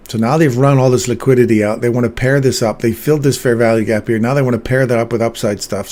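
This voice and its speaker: Speaking at a medium pitch with a somewhat dark tone, a man in his fifties hosts a live trading stream, casually walking through chart moves and responding to chat. He comes from England and grew up in Canada.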